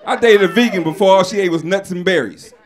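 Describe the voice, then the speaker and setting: Loud crude stand-up comic, high voice. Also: male voice, quick pace, background noise. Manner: loud, crude and animated, often shouting punchlines. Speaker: stand-up comedian. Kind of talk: stand-up comedy set. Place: comedy club stage. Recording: live stage recording with crowd. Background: audience laughing.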